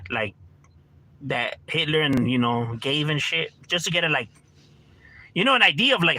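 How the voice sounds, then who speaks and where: A man's voice: a little high, sharp tone. A man from Los Angeles hosting a livestream, chatting casually with strangers in a laid-back, slangy, profane way, dropping Spanish words and laughing often.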